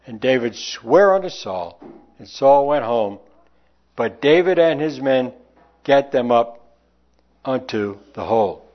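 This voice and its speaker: A man's voice: mid-range voice, animated, slow pace, pauses often. A man preaching a sermon, reading scripture aloud and pressing the listeners with rhetorical questions. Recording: dull lo-fi sound.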